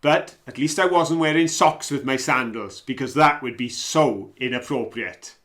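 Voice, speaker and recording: A man chatting casually outdoors by a lake as a vlog host, self-mocking and relaxed. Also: medium pitch, normal speed.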